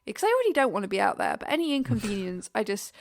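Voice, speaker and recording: A woman's voice: a little high, very animated, very fast, dry recording, clean studio sound. A young British woman co-hosting a podcast, ranting in exasperation about everyday irritations and then laughing at herself. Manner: exasperated ranting, self-deprecating. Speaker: podcast co-host. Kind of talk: casual chat.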